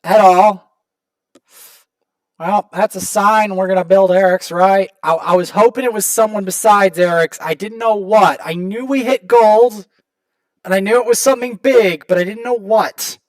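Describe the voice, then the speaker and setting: A man hosting a gaming channel, casually commenting to viewers as he opens rewards, prone to excited outbursts. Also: high-pitched, normal speed, no echo. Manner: excitable, talks to viewers while opening rewards.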